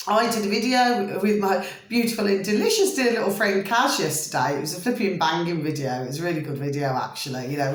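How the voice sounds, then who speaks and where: A woman talking at length to her viewers in a casual, rambling vlog, often checking "do you see what I mean" and swinging between emphatic high bursts and low muttered asides. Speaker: vlogger. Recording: echoey room.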